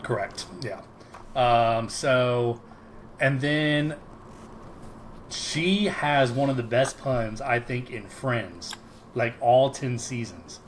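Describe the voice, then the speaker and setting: A man's voice: medium pitch, slow pace, slight background noise, poor audio. A man co-hosting a podcast, casually recapping a sitcom episode, rambling with many ums and frequent laughs. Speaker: podcast co-host.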